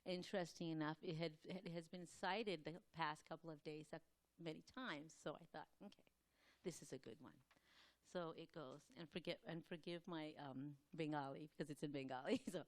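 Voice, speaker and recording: A woman giving a scripture class, talking quickly in a loose, rambling way with many fillers and pauses to clear her throat. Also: low voice, fairly even intonation. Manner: fast, rambling, loosely structured delivery. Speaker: class speaker at a temple.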